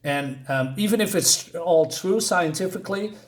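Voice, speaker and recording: A man's voice: sits high, lively intonation, moderate pace. A man reviewing a comic book in a casual, rambling way, full of fillers and small chuckles. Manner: rambling, hesitant, many fillers; chuckles between points.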